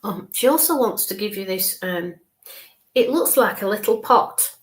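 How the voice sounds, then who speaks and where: Woman, spiritual medium, live online reading, average pitch, soft and reassuring, repetitive, frequent check-ins. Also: expressive. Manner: describes visions slowly, checks in with frequent okays.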